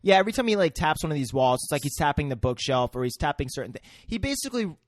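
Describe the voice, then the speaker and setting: A man's voice: fairly high pitch, very animated, racing, no echo, studio quality. A man co-hosting a casual podcast, rambling through a film recap with lots of fillers and searching for words. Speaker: podcast co-host.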